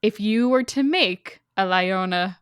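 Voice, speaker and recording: A woman's voice: medium pitch, normal speed, clean tone, no echo, studio quality. A woman hosting a podcast, talking in a blunt, sarcastic, irreverent way. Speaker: podcast host. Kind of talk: casual podcast chat.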